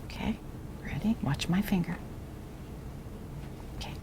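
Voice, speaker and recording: A woman demonstrating a reading lesson with a young child, speaking slowly and encouragingly, often softly or in a whisper. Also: mid-range voice, a little hiss or hum. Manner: patient, slow, encouraging, drops to soft whispers. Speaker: reading tutor trainer.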